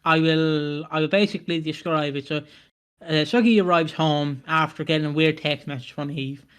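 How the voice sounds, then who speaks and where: A man's voice: fairly high pitch, steady tone, normal speed, fairly bright tone, clean tone. A man co-hosting a podcast, recapping casually in a rambling way with frequent self-corrections and laughter. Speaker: podcast co-host.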